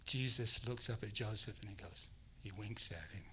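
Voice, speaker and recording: Bright-voiced, animated male preacher. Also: on the low side, moderate pace, a little hiss or hum, rough recording. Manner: animated storytelling, acting out voices. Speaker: guest preacher. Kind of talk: sermon.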